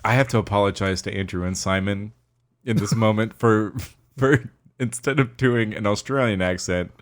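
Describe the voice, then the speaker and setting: Low-voiced male podcast co-host; loose, swearing, laugh-prone banter. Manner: joking, swearing, laughing, tosses in quick silly impressions. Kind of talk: casual chat.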